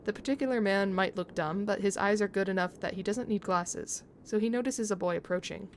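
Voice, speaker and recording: A woman's voice: mid-range voice, fairly quick. Woman streamer, chatty, laughing, reading game text aloud, faint background noise. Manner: chatty, laughing, muses on pronunciation. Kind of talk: reading a game's story aloud to chat.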